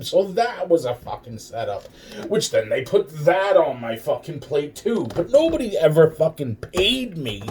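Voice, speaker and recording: A man's voice: on the high side, big pitch swings, measured pace, a little mellow. A man in a rambling, profane monologue, swearing constantly and chuckling between phrases. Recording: distant mic with faint background noise.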